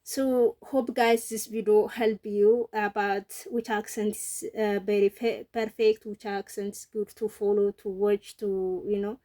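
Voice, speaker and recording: A woman's voice: medium pitch, flat delivery, a little slow, few pauses, warm tone. A woman learning English, talking casually to camera and giving earnest advice, with many fillers and restarts. English is not her first language.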